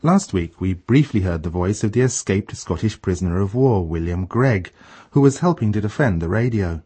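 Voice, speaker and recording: A man hosts a radio history segment in calm, scripted narration. His voice is on the low side, with a husky grain to it. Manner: measured, explanatory. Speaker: radio program host.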